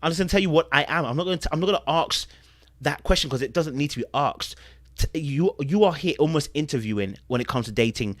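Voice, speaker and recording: A podcast host with a higher voice talks fast, giving casual commentary on a dating show while animatedly acting out quotes and posing rhetorical questions. There's no room sound.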